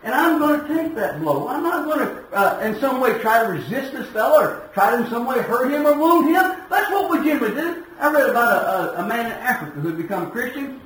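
A man preaching a sermon in a folksy storytelling way, swinging between shouted emphasis and quiet asides. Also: extremely high pitch, big pitch swings, a little fast, hardly any pauses. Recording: echoey room from a distance.

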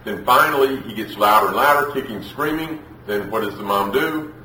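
A man preaching a sermon on raising children, lively and playful, acting out parents and children in raised voices. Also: lowish voice, normal speed, slight background noise. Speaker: preacher teaching on child discipline. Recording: echoey room with faint ambience.

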